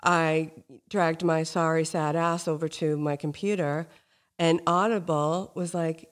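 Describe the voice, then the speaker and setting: A woman's voice: deep voice, steady tone, measured pace. A woman hosting a podcast interview, gushing and telling a personal story with feeling. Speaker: podcast host. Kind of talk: casual interview talk.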